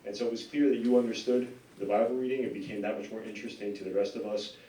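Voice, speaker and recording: Man, a bit low, quick encouraging instructor, fillers and restarts, distant mic in a roomy hall with faint hiss. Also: level tone, warm tone. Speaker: meeting instructor giving feedback. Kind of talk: spoken feedback on a reading.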